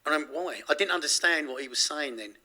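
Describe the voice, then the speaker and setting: Bright-voiced Englishman telling a rambling story. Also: fairly high pitch, lively intonation, fast. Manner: rambling, self-correcting, frequent restarts. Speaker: interview guest. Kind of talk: candid storytelling in an interview.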